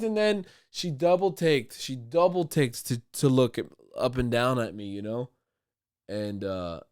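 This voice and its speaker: A man's voice: a little mellow, no echo. Guy on a podcast rambling thru a story, swears a lot, dry close mic. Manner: rambling, profane, acts out quotes in high voices. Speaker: podcast host. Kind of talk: casual storytelling chat.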